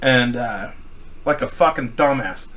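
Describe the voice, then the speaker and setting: A middle-aged man telling a crude personal anecdote in a rambling, profane, animated way. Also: medium pitch, measured pace. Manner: profane, rambling, animated storytelling with acted quotes. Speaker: storyteller.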